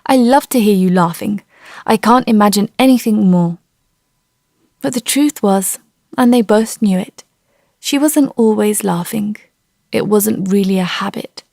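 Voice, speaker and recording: Female audiobook narrator, measured and gentle, dry close sound. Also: medium pitch, creaky, dry recording. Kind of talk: scripted narration.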